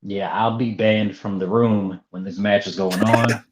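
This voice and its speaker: A man's voice: on the low side, steady tone, a little slow, a crowd in the background. A young man co-hosting a casual wrestling review podcast, with a dry, mocking way of talking. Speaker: podcast co-host. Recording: dull lo-fi audio.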